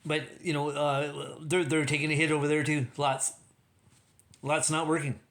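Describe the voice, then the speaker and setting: A man's voice: on the high side, little pitch movement, normal speed, fairly bright tone. A man hosting a livestream, talking in a rambling, casual way with many restarts and laughing at his own jokes. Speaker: livestream host.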